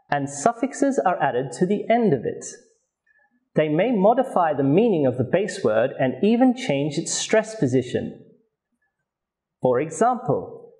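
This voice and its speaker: A man's voice: fairly high pitch, a little mellow. A man presenting a scripted English pronunciation lesson, speaking carefully and modelling words for learners to repeat. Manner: slow, careful, clearly articulated, models words for repetition. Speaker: pronunciation teacher.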